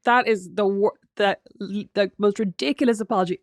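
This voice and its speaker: A woman's voice: mid-range voice, animated, fairly quick, no echo, clean studio sound. An Irish woman co-hosting a podcast in casual chat, wry and joking. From Ireland. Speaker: podcast co-host.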